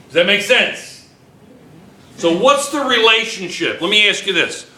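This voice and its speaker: Slow, bright-voiced man teaching a class. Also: high voice, expressive, echoey room. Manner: questioning, repeats points, coaxes answers. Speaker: chemistry teacher. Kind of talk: classroom lecture.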